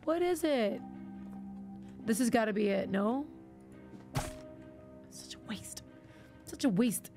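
A woman streamer chatting her way through a game, talking to herself and teasing her viewers. Her voice sits a touch higher than most women's, with a loose, conversational flow. Faint music plays behind her. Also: animated, measured pace, creaky, long pauses. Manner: chatty, talks to herself and chat, jokes with viewers. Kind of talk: casual gaming commentary. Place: home streaming setup.

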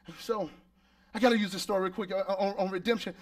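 High-voiced preaching pastor. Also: male voice, quick pace. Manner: lively preaching that builds to shouts; calls out to the congregation for response. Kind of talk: sermon. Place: church service.

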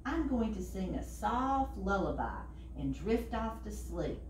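A woman voicing a drowsy raccoon who speaks slowly and soothingly. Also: mid-range voice, big pitch swings, darkish tone, slight background noise. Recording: roomy and distant from the mic.

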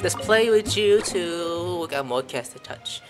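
A man's voice: high voice, lively intonation, a little slow, music in the background. A man giving casual, playful gameplay commentary while chatting to the cats in the game. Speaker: gameplay video host.

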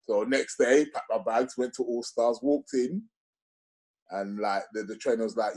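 A man's voice: mid-range voice, fairly even intonation, measured pace, a little mellow. A man, a guest telling a casual story, rambling with many fillers and restarts.

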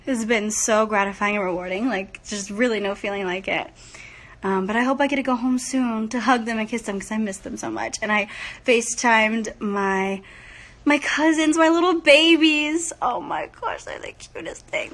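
Bubbly high-voiced young woman livestreaming. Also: fairly bright tone. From San Antonio, Texas. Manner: bubbly and gushing, laughs often. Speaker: singer talking to fans on a phone livestream. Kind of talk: casual livestream chat. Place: her room at night. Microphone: phone. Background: music playing in the background.

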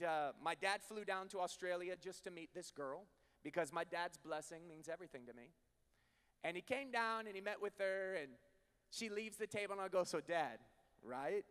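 High, bright-voiced man preaching in a hall. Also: smooth. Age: 30s. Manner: swings from hushed storytelling to shouted preaching. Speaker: pastor. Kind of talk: sermon. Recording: long hall reverb.

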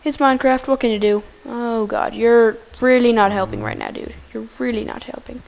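Goofy high-pitched woman with vocal fry. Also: normal speed. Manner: goofy, excitable, talks to game animals. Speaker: gameplay commentator. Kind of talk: casual gameplay commentary.

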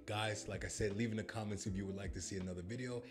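A man's voice: on the low side, steady tone, fast, music in the background. Brash, profane man riffing to his viewers. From United States. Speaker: reaction video host. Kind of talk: comedic reaction vlog.

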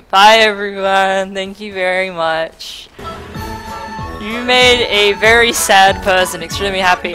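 A young woman, chatting casually on a live stream while gaming. She is excitable, laughs a lot and swears freely. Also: medium pitch, slow pace. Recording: game music playing loudly behind. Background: game music.

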